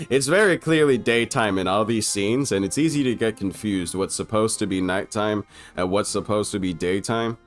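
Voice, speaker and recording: A young man riffing comedically over an old film, loose and irreverent. He swears freely and laughs at his own jokes in a casual, unscripted way. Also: on the low side. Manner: irreverent, profane, laughing often. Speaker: film commentator.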